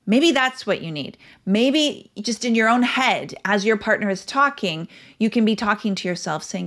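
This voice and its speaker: A woman's voice: mid-range voice, animated, normal speed, hardly any pauses, fairly bright tone. A woman hosting a podcast, talking in a casual, earnest and reflective way, candid about her own life. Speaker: podcast host. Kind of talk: casual advice talk.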